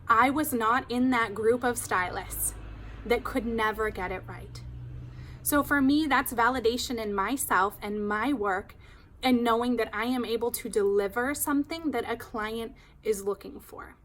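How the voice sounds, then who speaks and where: A woman hairstylist telling a client story in casual, animated chat, full of "like". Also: fairly high pitch, a little slow, slight background noise. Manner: chatty, animated, heavy use of "like".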